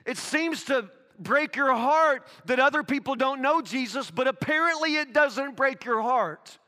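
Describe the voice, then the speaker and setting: High, bright-voiced preaching pastor. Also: male voice, big-room sound. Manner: storytelling, rising to emphatic preaching. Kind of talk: sermon. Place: church sanctuary.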